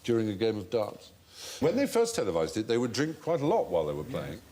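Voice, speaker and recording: A man hosting a comedy quiz show, telling an anecdote with animated relish. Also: on the low side, fast. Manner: animated storyteller, relishing the tale.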